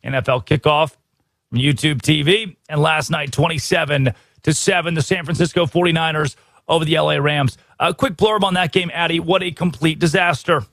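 An American man hosting a sports talk show, energetic and opinionated, full of rhetorical questions. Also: on the high side, normal speed, dry recording. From United States. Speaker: radio sports host.

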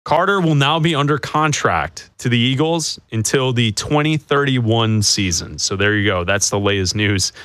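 A man's voice: medium pitch, animated, a bit bright, dry recording. A man co-hosting a sports talk show, joking and laughing with his partner and reading out news updates. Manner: laughs often, reads news updates briskly. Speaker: sports radio co-host. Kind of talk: casual sports talk banter.

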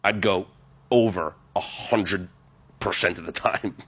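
A man hosting a live sports betting radio show, chatty and animated with self-mocking asides. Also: low voice, slow pace, husky. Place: radio studio.

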